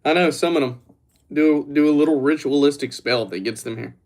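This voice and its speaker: A man's voice: a little high, fairly quick, a little mellow. A young man livestreaming, rambling and joking as he talks straight to his chat. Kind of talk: casual livestream chat with viewers.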